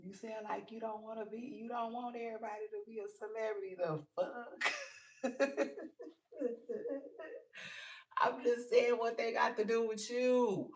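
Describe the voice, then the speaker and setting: A woman's voice: fairly high pitch, steady tone, measured pace, pauses often, roomy sound, far from the mic. A woman ranting casually to camera, sassy and profane, laughing between lines. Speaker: vlogger. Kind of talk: casual commentary rant.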